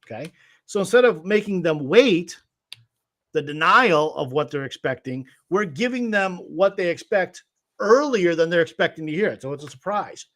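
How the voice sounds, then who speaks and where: A man's voice: sits high, lively intonation, normal speed, a bit bright. A man teaching guitar rhythm on a livestream, patiently explaining and counting beats aloud. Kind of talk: livestream music lesson.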